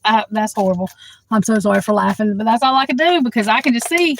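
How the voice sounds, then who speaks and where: A woman's voice: a little high, lively intonation, quick pace, a little hiss or hum, rough recording. A woman doing a live tarot reading into her phone, chatting frankly, swearing and laughing often as she talks to the viewer. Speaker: tarot reader.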